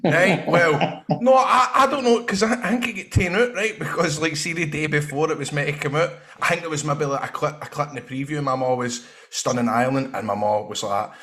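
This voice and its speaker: A man's voice: fairly high pitch, brisk, bright, forceful tone. A man with a Glaswegian accent telling rude, funny stories on a podcast, laughing and swearing. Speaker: podcast co-host. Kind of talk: casual chat.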